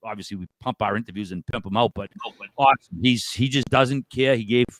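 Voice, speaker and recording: A man with a Boston accent, a podcast guest chatting casually, loud, joking and freely profane. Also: medium pitch, a little fast, no room sound. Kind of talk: casual interview chat.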